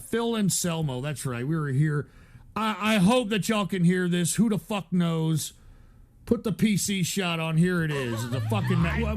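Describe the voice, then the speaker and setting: A man hosting a livestream, ranting angrily and sighing as he reads out donation messages. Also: sits high. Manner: exasperated, cursing, sighing. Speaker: livestream host reading donations. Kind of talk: angry livestream rant.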